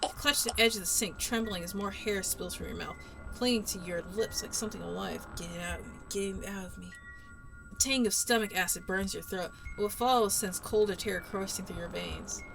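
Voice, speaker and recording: A woman's voice: mid-range voice, a little fast, vocal fry, rough recording. Woman streamer, dramatic game narration, music under it. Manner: dramatic narration with casual asides. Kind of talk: dramatic read-through of a game.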